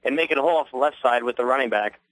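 A man's voice: medium pitch, very fast, a bit bright, no room sound, poor audio. A man giving color commentary on a local radio broadcast of a ball game, easygoing and analytical as he breaks down the plays.

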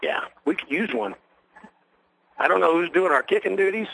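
A man doing play-by-play for a local radio broadcast of a ball game, folksy and rambling, quickening on big plays, with a voice worn from a long night. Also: high-pitched, expressive, gravelly, a bit bright, a little hiss or hum, poor audio. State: losing his voice. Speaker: play-by-play announcer. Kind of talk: local radio sports commentary.

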